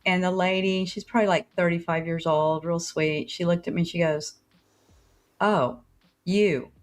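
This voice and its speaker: A woman's voice: on the low side, little pitch movement, brisk. An older woman co-hosting a podcast with her son, telling a folksy story in a chatty way and acting out the lines of the people in it. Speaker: podcast co-host. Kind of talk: casual chat, telling a story.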